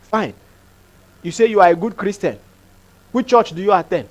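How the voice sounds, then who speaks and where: A man's voice: sits high, lively intonation, normal speed. A man preaches a sermon. He talks emphatically, repeats his phrases and keeps putting rhetorical questions to the congregation. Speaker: pastor.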